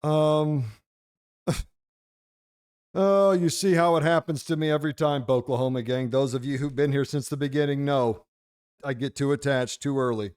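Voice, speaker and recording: A man's voice: medium pitch, a little mellow, clear, resonant tone. A man hosting a casual game commentary video, brash and profane, slipping into mock-preachy pronouncements. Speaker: host.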